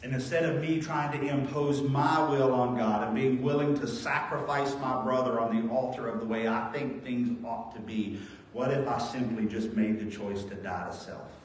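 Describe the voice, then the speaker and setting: A male pastor preaching a sermon, earnest and storytelling, moving between raised emphasis and quiet reflection. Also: medium pitch, steady tone, normal speed, a little hiss or hum. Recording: very echoey church hall, voice from far off.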